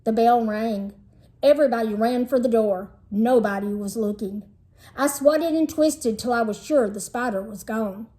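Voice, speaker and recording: A woman, a teacher, reading a children's novel aloud in a lively storytelling manner. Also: a little high, moderate pace. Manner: lively storytelling, shifts into character voices. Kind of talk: expressive read-aloud narration.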